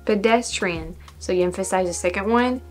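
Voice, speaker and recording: A woman's voice: medium pitch, moderate pace. French woman with light music behind. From France. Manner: animated, repeats words with questioning tone, laughs often. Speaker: vlogger. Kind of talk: casual pronunciation practice.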